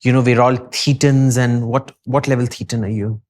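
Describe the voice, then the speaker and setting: A man's voice: mid-range voice, steady tone, normal speed, a little mellow. A man with an Indian accent, a podcast guest lecturing emphatically and with strong opinions in a casual discussion.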